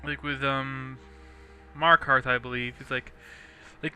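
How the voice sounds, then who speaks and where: Chatty bright-voiced young gamer guy. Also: medium pitch, steady tone, unhurried, long pauses, soft background music. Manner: rambling, chatty, laughs often. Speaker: let's play host. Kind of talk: casual gameplay commentary.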